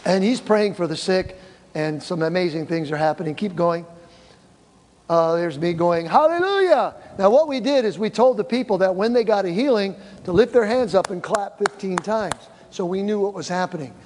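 An older male pastor telling mission stories to his church and acting out the quoted voices in an animated way. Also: sits high, moderate pace, a little hiss or hum. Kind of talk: church mission report with slides. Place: church hall. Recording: reverberant church hall.

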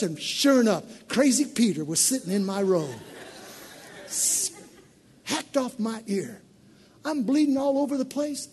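Preacher acting out an excitable wounded servant. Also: male voice, high voice, a little hiss or hum, exaggerated voice. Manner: excitable, rambling storyteller. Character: wounded male temple servant, talkative, aggrieved.

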